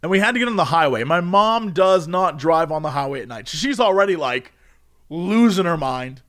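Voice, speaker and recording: A young man telling a casual anecdote, animated and often laughing as he acts out what people said. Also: on the high side, normal speed. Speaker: storyteller.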